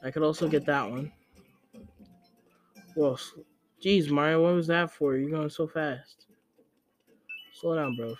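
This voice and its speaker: A young man giving casual gameplay commentary, chatty and excitable, who scolds the game character in sudden yelps. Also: fairly high pitch, a little slow, pauses often, soft background music. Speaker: let's play gamer.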